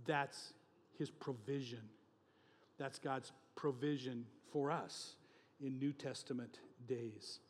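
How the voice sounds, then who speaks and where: A male pastor preaching a sermon with emphatic, animated delivery, often chuckling between points. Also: medium pitch, slow, breathy edge, big-room sound.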